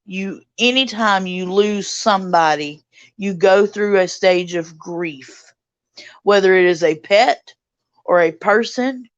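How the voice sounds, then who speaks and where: A woman hosting a casual livestream chat, reading out viewer comments and answering them warmly. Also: on the low side, no room sound, muffled recording. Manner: warm, reads out viewer comments and greets chatters. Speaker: livestream host.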